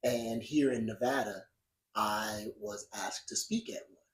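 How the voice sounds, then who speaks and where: A man's voice: fairly low pitch, fairly even intonation, measured pace. A man hosting a podcast, giving blunt, profane political commentary that grows heated and emphatic. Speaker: podcast host. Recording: roomy echo.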